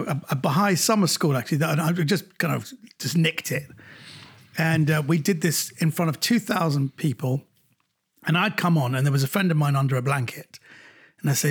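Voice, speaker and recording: A middle-aged man from England, an actor guest telling lively anecdotes in casual conversation. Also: a little high, a little fast, breathy edge. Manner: lively, animated storyteller.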